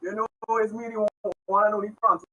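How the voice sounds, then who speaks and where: A man, a guest performer chatting loudly and haltingly, repeating himself. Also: high voice, flat delivery. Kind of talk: casual live chat. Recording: dull, lo-fi remote audio.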